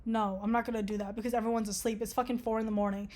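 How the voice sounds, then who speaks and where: Rattling off her lines rapid-fire, this young woman vlogger takes an online quiz and comments on it casually, swearing a lot, laughing often and staying sarcastic. Her fairly high voice is a little mellow, with a flat delivery.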